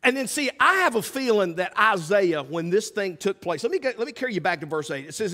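A man preaching a sermon as pastor, swinging from loud calls to hushed asides. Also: sits high, big pitch swings, fairly quick, few pauses. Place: church sanctuary. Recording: church sanctuary with long reverb.

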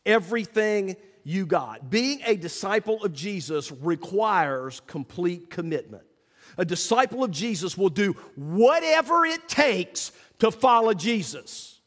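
A middle-aged man preaching a sermon, telling a story with lively acted-out quotes. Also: high voice, unhurried. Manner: animated storytelling, acts out quotes loudly. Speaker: pastor. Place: church sanctuary. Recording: long reverb of a church hall.

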